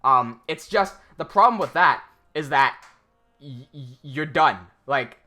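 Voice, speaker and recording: A man's voice: on the high side, lively intonation, slow, sharp tone. A man hosting a casual livestream, chatting and answering viewer comments in a rambling way, laughing often. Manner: rambling, laughs often, many fillers and restarts. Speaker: animation livestream host.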